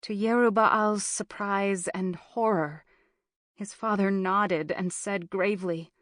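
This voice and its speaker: A woman narrating a thriller audiobook in a measured, even storytelling manner on a close studio mic. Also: mid-range voice, no echo.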